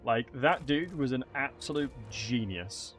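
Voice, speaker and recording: A man's voice: mid-range voice, lively intonation, unhurried, a bit bright, faint music behind. A man, streaming a strategy game and chatting to viewers in a rambling way, full of fillers and restarts. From England. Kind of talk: casual gameplay commentary.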